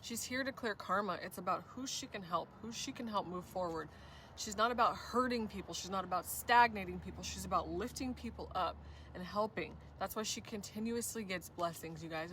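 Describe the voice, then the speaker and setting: A woman reads tarot cards for viewers in a gushing, effusive way, often turning to them directly. Her voice is bright and forward. She sits a little back from the mic over a faint ambient hum. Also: medium pitch, fairly quick, far from the mic. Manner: gushing, repeats "you guys", effusive praise. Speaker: tarot reader. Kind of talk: spiritual tarot reading.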